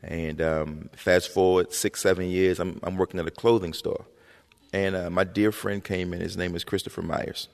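A man in his thirties with a very low, gravelly voice tells stories to an audience. He is animated and slangy, often asking "right?" as he talks. The sound rings with a long reverb from a large hall. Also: normal speed. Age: 30s. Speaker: author, interview guest. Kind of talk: conversational storytelling on stage.

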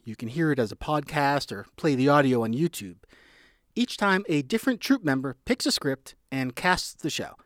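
A man reporting a news feature, reading a script in a clear, measured way. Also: mid-range voice, animated, no echo, studio quality.

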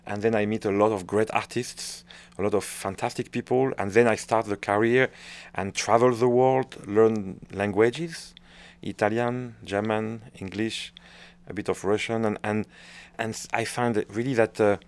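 A man's voice: lowish voice, fairly even intonation, normal speed. A middle-aged French man with a French accent, a conductor answering interview questions, hesitant and searching for words with frequent restarts. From France.

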